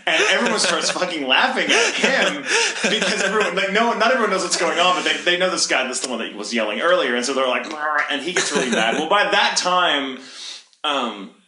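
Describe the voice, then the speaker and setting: A man co-hosting a podcast, telling a long story in a casual, profane, animated way and acting out the quotes. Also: a little high, brisk. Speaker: podcast co-host. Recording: echoey room with noise.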